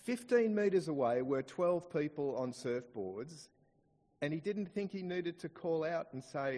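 An Australian man preaching a sermon in church, slowing down to dwell on quoted scripture. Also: on the high side, long reverb tail. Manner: expressive preaching, slows down to stress quoted scripture. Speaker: pastor.

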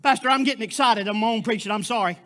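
Guy preaching real fervent, very high voice, bright and forceful, keeps throwing in exclamations. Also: fast talker. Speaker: guest preacher. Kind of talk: sermon.

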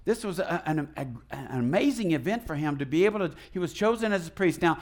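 A man preaching a sermon as pastor, animated and folksy, asking the congregation questions and leading call and response. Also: fairly high pitch, fast. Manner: folksy, retells the story in his own casual words.

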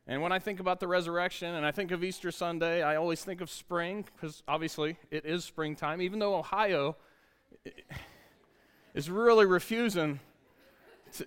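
A man's voice: high voice, a bit bright, clear, resonant tone. A man, preaching a sermon in an upbeat, conversational way and asking the congregation questions. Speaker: pastor.

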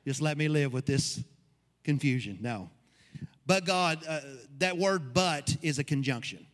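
A man's voice: on the high side, lively intonation, unhurried. A man preaching a sermon as pastor, building to emphatic peaks. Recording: long reverb of a hall.

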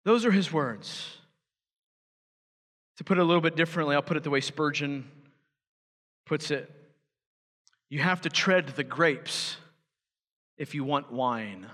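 A man's voice: fairly high pitch, a little slow, pauses often, fairly bright tone. A man preaching a sermon as pastor, emphatic and building to fervent urgency. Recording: church hall reverb.

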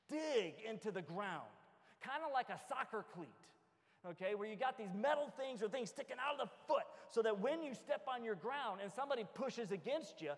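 A man preaching a sermon as pastor, animated and joking, acting out little everyday scenes. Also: high-pitched. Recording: long hall reverb.

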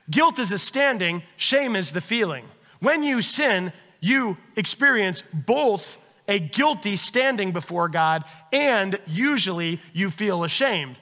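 A man's voice: sits high, sharp tone, in a large hall. A man preaching a sermon as pastor, acting out everyday scenes with quoted voices.

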